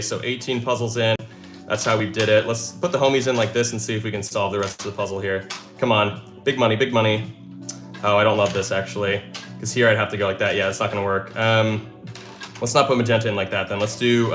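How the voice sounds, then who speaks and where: A man's voice: fairly low pitch, a bit bright. A man hosting a live stream, thinking aloud as he works through puzzles and cheering when he solves them. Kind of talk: excited live stream chatter.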